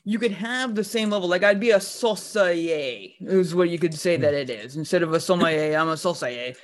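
A man co-hosting a podcast, riffing jokes in an excitable, casual comedic banter. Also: fairly high pitch, moderate pace. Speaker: podcast co-host.

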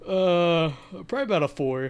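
Hesitant man with a lively voice. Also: on the high side, normal speed, clean tone, highs cut off. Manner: hesitant, many fillers. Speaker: podcast co-host. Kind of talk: casual chat.

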